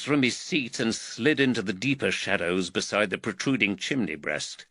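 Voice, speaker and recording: A male audiobook narrator reading with measured, expressive storytelling. His voice is bright and his intonation lively. The recording is dry and close to the mic. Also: lowish voice, no room sound. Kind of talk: scripted narration.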